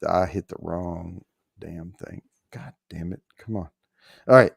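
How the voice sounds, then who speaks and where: Man, livestream host, casual joking, slow drawl, dry close sound. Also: deep voice, creaky, breathy edge, no echo. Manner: joking, loose, swears mildly while fumbling with the screen. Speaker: show host running a prize giveaway.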